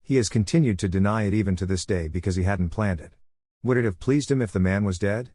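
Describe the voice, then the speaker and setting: Low-voiced male fan fiction narrator. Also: fast talker, mellow, no echo, clean studio sound. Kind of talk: fan fiction read-aloud.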